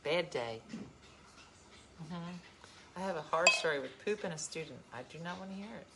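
A woman vlogger chatting casually to her viewers and reading their comments, telling stories with emphatic, animated delivery. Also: low voice, brisk, very noisy.

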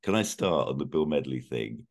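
A man co-hosting a casual film podcast, his voice croaky, laughing often as he chats. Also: a bass voice, lively intonation, normal speed. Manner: laughs often, reads lyrics aloud playfully. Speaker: podcast co-host.

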